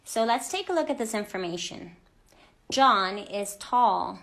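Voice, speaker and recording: A woman with a fairly high voice teaches a children's grammar lesson at an unhurried pace. She speaks clearly and deliberately, stressing each example word and encouraging her young learners. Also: lively intonation, a bit bright. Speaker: English teacher.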